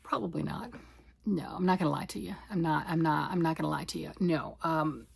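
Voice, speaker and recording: A woman's voice: low-pitched, brisk, gravelly, slightly rough. A woman hosting a knitting podcast, rambling and self-deprecating as she chats casually with her listeners. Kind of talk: casual chatty monologue.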